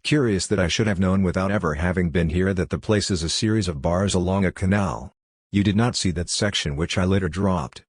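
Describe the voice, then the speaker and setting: A man giving an audiobook reading of letters in a steady, even tone. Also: sits low, fairly quick, slightly rough, no room sound, studio quality. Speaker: reader.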